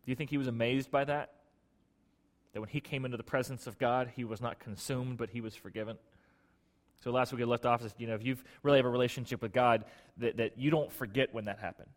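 A man preaching a sermon as pastor in a church, talking conversationally with restarts and repeated words, swinging between emphatic loud bursts and hushed asides. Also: medium pitch, fairly even intonation, quick pace. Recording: long hall reverb.

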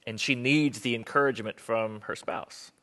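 Conversational preacher man, bright voice. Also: medium pitch, steady tone, moderate pace. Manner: conversational and self-deprecating, acts out quoted voices. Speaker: pastor. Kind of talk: sermon on marriage to a live audience.

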